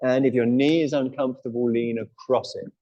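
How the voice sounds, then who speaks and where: A man's voice: mid-range voice, steady tone, fairly quick, dull audio. A man guiding a live yoga class in a studio, chatty and playful, laughing often. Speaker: yoga teacher.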